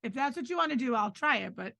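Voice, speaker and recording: Middle-aged woman, slightly high voice, firm and matter-of-fact, dry close mic. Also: animated, fast talker, vocal fry, a bit bright, dry recording. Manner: firm, matter-of-fact, defends her point. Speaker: podcast co-host. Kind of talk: casual chat.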